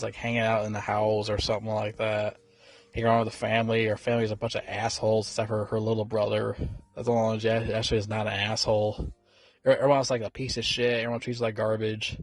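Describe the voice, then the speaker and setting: A man's voice: lowish voice, creaky, no room sound. Guy rambling thru a movie recap, swears a lot, lots of uh and like, dry sound. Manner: profane, rambling, many fillers and restarts. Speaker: movie reviewer.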